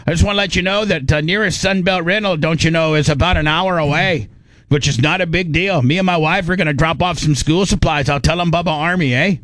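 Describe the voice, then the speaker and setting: A man's voice: a little high, fairly quick, fairly bright tone, no echo, natural voice. A man putting on a folksy mock Canadian. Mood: chummy. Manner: mock Canadian drawl with "don't you know", "eh".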